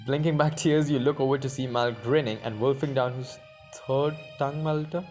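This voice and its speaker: Guy reading a story game out loud, middle pitch, chatty side comments, soft music in back. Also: fairly even intonation, moderate pace. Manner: chatty asides and frequent laughs. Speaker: game narrator and player.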